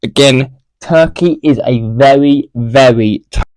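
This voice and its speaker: A man's voice: medium pitch, unhurried, a little mellow. A man giving casual, unscripted football predictions, rambling, correcting himself and repeating phrases as he goes. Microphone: mic for home recording.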